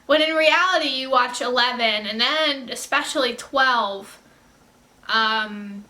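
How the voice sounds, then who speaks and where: A woman's voice: a little high, slow, pushed and bright. A woman chatting casually in a reaction video, rambling and effusive, often correcting herself mid-sentence.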